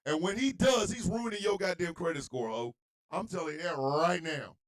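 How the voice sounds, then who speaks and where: A man hosting an internet radio show, delivering a blunt, profane monologue rant that swings between low muttering and shouting. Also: normal speed, low-quality recording.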